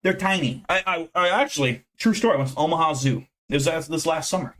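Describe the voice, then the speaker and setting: A man's voice: fairly high pitch, brisk, a bit bright. Casting: young American man, brash profane streamer, rambling brag. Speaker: livestream host. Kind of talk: casual livestream chat.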